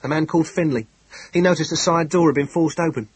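A calm, efficient police inspector from a classic detective story, as a male reader puts him on. His voice sits a little higher and firmer than the narration, quiet but crisp and decisive. There is a faint edge of contempt under his clear, husky delivery. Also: quick pace, no room sound, low-quality recording. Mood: calm, matter-of-fact.

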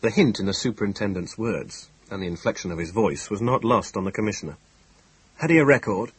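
A man narrating an audiobook of a classic detective story in a measured, even storytelling manner. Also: lowish voice, breathy edge, dry recording, rough recording. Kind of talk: scripted narration.

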